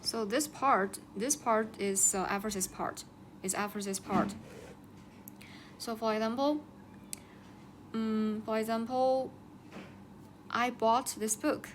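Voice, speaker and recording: A woman teaching Chinese vocabulary and grammar in English, saying each word twice with slow, careful explanations. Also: fairly high pitch, fairly even intonation, slight background noise.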